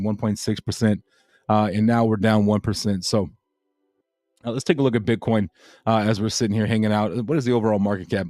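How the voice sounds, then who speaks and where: A man's voice: on the low side, dark tone, no echo, studio quality. A man hosting a crypto livestream, chatting casually and rambling with lots of fillers and repeated phrases.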